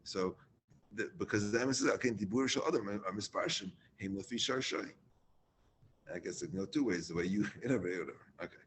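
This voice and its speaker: A man's voice: lowish voice, brisk, a little hiss or hum. A man leading a Torah class, reading Hebrew lines and explaining them in casual English with restarts.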